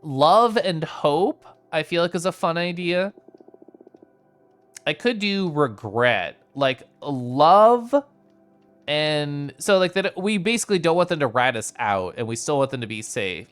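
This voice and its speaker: A man's voice: fairly high pitch, a bit bright, clear, resonant tone. A man streaming a game from home, chatting playfully with viewers and slipping into silly little voices. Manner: playful, sappy, giggly, does silly voices. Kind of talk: casual game stream chat.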